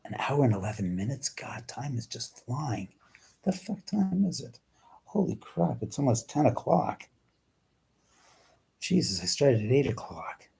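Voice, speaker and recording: A man's voice: mid-range voice, sing-song, measured pace, gravelly, pauses often, mellow, breathy edge. A man hosting a casual livestream from his home, chatting with viewers, exclaiming and swearing freely. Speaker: livestream host. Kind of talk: casual live-stream chat, answering viewers.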